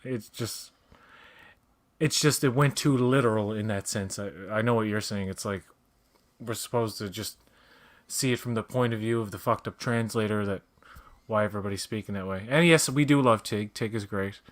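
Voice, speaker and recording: A man's voice: lowish voice, moderate pace. A man co-hosting a casual watch-along, talking through his thoughts with restarts and trailing sentences. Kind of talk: casual commentary chat.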